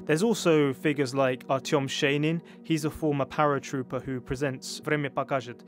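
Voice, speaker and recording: A man speaking as a media commentator, giving steady, informative explanations. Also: medium pitch, moderate pace, soft background music.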